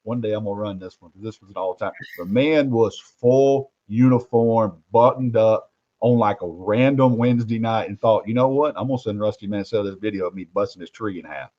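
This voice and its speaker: A man hosting casual sports talk. He tells stories animatedly, dropping to hushed asides and rising for loud punchlines. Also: lowish voice, a little fast, no room sound. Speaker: host, recruiting reporter. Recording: muffled lo-fi audio.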